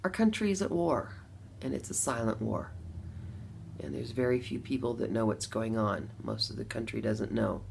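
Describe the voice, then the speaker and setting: A middle-aged woman from Las Vegas telling a personal story to camera, animated, with bursts of laughter between lines. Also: a bass voice, moderate pace, creaky, slight background noise. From Las Vegas, USA. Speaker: vlogger.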